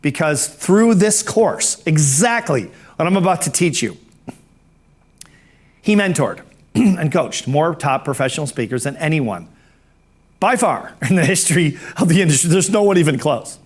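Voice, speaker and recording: A man's voice: a little high, expressive, normal speed, husky. A middle-aged man teaching a speaking course, telling anecdotes in a conversational way that often repeats words and restarts phrases.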